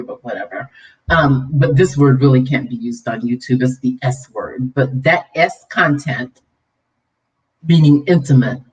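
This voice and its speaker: A woman's voice: a bass voice, darkish tone, recorded from a distance, poor audio. A woman hosting a livestream commentary, preachy and scolding, then chatty and laughing with her viewers. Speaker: vlog host.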